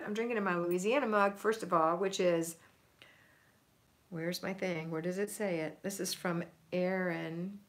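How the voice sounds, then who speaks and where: A middle-aged woman with a drawl hosts a casual home livestream and reads viewer comments aloud. Her voice sits a little low. She stays chatty and upbeat, often laughs, and fills pauses with ums. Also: fairly even intonation. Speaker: home organizing livestream host.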